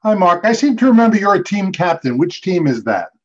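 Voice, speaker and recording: Man hosting on a video call, chatty and animated, muffled audio. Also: high voice, brisk. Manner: chatty, playful, sings snatches. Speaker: trivia show host. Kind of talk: casual chat over video call.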